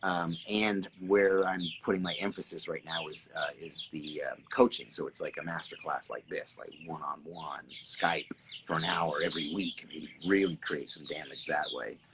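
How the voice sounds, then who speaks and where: A man hosting a casual live stream outdoors, reading viewer comments, greeting people by name and talking in an animated, repetitive way with some swearing. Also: a bass voice, moderate pace, background noise. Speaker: artist and creative coach hosting a live stream. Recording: birds chirping clearly in the background.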